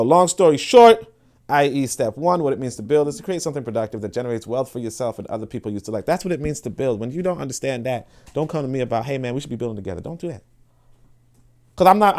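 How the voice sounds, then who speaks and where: A man hosting a podcast, talking in an animated, casual way with frequent restarts and asides to listeners. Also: medium pitch, fast talker. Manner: laughs and asks listeners for agreement. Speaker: podcast host. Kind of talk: casual monologue.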